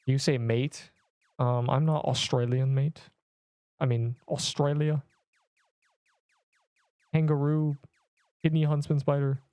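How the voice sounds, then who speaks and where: A man's voice: medium pitch, warm tone, smooth, dry recording, studio quality. A young man streaming a video game, chatting casually and rambling to his viewers. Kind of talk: casual live-stream commentary.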